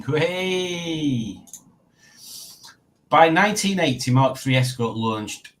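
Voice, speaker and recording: A man's voice: mid-range voice, rough recording. A man hosting a casual live stream, chatting and reading out viewer comments with frequent laughs. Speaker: livestream host.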